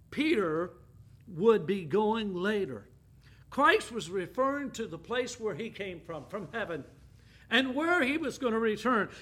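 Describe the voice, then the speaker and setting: A man preaching a sermon as pastor, emphatic, quoting scripture slowly and stressing each phrase, dropping to a hush when he appeals to listeners. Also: high-pitched. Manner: quotes scripture in a slow, stressed voice.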